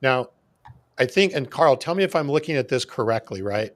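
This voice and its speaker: A man's voice: medium pitch, animated, normal speed. A man hosting a sales podcast, reading out a listener comment and thinking aloud, checking his take with the guests. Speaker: podcast host. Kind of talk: casual podcast chat.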